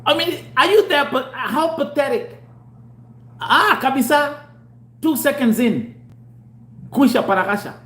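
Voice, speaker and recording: Animated Kenyan man telling a story. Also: very high-pitched, measured pace, pauses often. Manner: animated, mixes English and Swahili slang, acts out dialogue. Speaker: show host. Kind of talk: casual storytelling chat. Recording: echoey room with faint hum.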